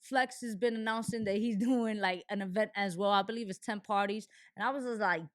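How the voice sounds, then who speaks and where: A woman's voice: medium pitch, fairly even intonation, fairly quick, no room sound, studio quality. A young adult woman hosting a show, talking candidly and animatedly in a casual monologue, with frequent restarts and fillers. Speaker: show host.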